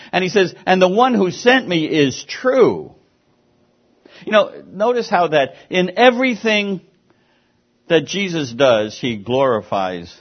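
Husky-voiced male preacher, lively delivery. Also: a little high, highs cut off. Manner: emphatic, explanatory preaching with rising and falling emphasis. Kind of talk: expository sermon.

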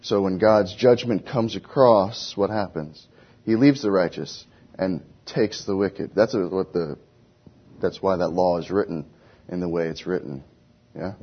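Casting: a man with a low, husky voice as a chatty Bible teacher. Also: measured pace. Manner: conversational, asks the class questions. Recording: dull lo-fi recording.

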